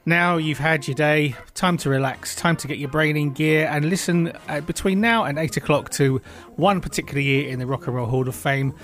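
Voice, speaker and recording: A chatty man hosting a radio show from the studio, his voice sitting a touch high. He banters jovially and keeps things friendly. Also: a little fast, few pauses, fairly bright tone. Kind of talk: casual radio chat.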